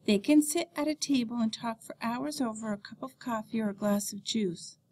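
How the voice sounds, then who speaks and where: A woman teacher reading a beginner French textbook lesson aloud, saying the French words slowly and clearly. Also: fairly high pitch, darkish tone.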